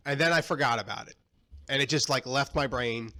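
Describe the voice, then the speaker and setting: A young adult man on a podcast, telling a frustrated story in a casual, animated and profane way. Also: mid-range voice, normal speed. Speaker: podcast co-host.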